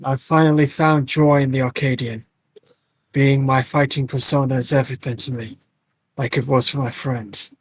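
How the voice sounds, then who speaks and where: A man's voice: medium pitch, fairly even intonation, normal speed, slightly rough, dry recording, lightly acted, poor audio. A man doing a doomed fighter in a shaky Irish lilt. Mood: solemn. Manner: attempts an Irish accent for the role. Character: resigned male arena fighter, doomed and calm. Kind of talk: voice-acting game dialogue on a livestream.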